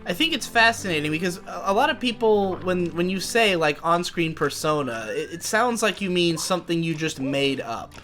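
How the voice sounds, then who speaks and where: Bright young man rambling on a podcast. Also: high-pitched, expressive, normal speed, few pauses, soft background music. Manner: rambling, thinking aloud with many restarts. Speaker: podcast co-host. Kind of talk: casual chat while gaming.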